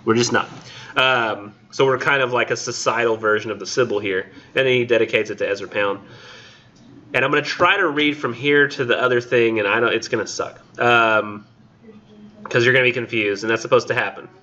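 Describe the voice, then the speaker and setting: A man's voice: medium pitch, fairly even intonation, fairly quick, pushed and bright. A man teaching a college literature class in a casual, chatty way, leaning heavily on "like" as he talks about poems. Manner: casual and chatty, heavy use of "like". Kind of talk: classroom lecture with poetry reading. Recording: dull lo-fi classroom recording.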